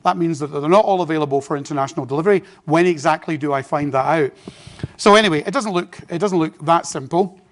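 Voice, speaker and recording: English man, forties, conference presenter; chatty, self-deprecating, a touch high-pitched. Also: fast talker. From Britain. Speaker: conference speaker. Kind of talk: business presentation. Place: conference hall.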